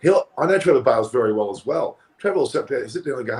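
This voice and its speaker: An Australian man with an Australian accent, a cricket pundit on a post-match panel, talking forcefully and indignantly and repeating words when heated. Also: medium pitch, expressive, quick pace, few pauses, rough recording.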